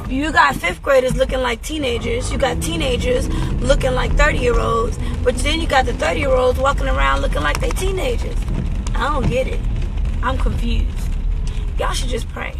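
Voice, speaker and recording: Woman radio host, 30s, high and gravelly, earnest storyteller, faint road noise underneath. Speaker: radio talk show host. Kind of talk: casual talk radio monologue.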